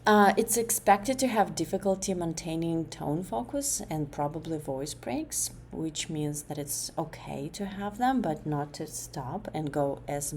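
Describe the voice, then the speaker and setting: Low, dark-voiced woman demonstrating voice exercises. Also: lively intonation, a little slow, few pauses, slight background noise. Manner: hesitant, many fillers and restarts. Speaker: student presenting an exercise.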